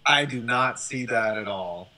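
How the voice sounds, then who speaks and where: Bright, animated male sports-show host. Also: mid-range voice, a little slow, low-quality recording. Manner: animated, profane, keeps asking "right?". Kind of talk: casual sports chat.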